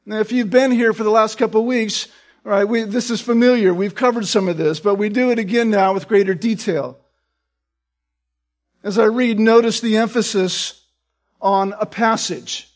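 High-voiced preaching man, earnest. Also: normal speed. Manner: often asks "right?" to check in with listeners; earnest, explanatory preaching with restarts. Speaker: pastor. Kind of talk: sermon.

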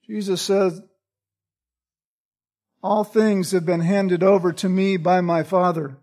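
A man's voice: high voice, steady tone, takes it slowly, darkish tone. A man preaching a sermon. He quotes scripture by chapter and verse and stresses key phrases by repeating them.

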